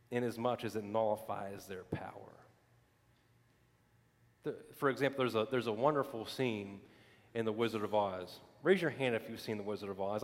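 A male pastor preaching a sermon, telling stories with lively emphatic repetition. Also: mid-range voice, long reverb tail. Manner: animated storytelling with emphatic repetition.

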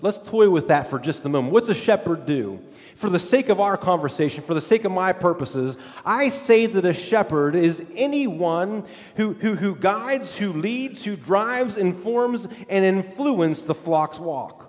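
High-voiced preacher in a reverberant hall. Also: male voice, expressive, unhurried. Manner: repetitive, emphatic cadence, drops voice low and soft for scripture. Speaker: pastor. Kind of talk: sermon. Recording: long reverb of a large hall.

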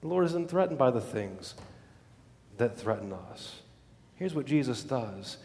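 A man preaching a sermon as pastor, dramatic, dropping to hushed low lines and then rising to loud exclamations. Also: sing-song, unhurried, in a large hall.

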